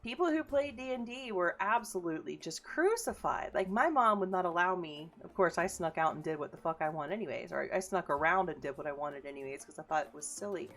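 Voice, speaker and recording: A woman in casual chat as an interviewer, talking fast, chatty and swearing freely. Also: on the low side, animated, a bit bright.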